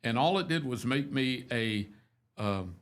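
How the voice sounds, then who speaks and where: A man's voice: medium pitch, expressive, measured pace. A man in his seventies, a radio host, telling rambling, self-deprecating stories in a casual, folksy chat. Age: 70s.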